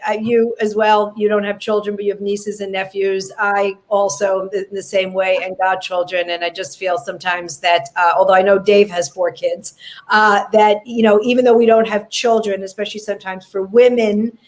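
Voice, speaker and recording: A woman's voice: medium pitch, little pitch movement, moderate pace. Earnest woman guest with many ums. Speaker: guest, comedian and author. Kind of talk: casual chat.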